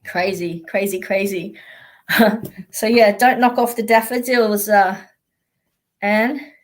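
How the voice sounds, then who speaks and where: A woman's voice: mid-range voice, steady tone, slow. An Australian woman, a psychic, chatting casually on a live stream in a blunt, sweary way and often laughing.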